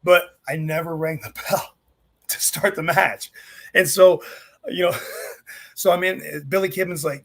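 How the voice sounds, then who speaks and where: Animated higher-voiced man telling stories. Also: normal speed, long pauses. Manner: animated, acts out quotes with swearing and laughs. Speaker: former wrestling referee, guest. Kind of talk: casual storytelling interview.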